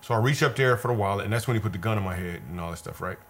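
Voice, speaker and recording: A man's voice: fairly low pitch, rapid-fire, slight background noise. A man, a comedian guest, telling a personal story in an earnest, repetitive, vivid way. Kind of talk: conversational storytelling.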